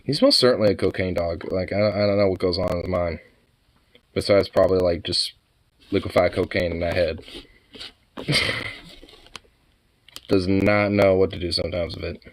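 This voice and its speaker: A man talking to his dog on camera in teasing baby talk, laughing and swearing, dropping to low mutters and jumping up to high squeals. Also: steady tone, normal speed, long pauses, a little hiss or hum. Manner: laughs often, swears casually. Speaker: dog owner filming his husky. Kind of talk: casual talk to a pet on camera.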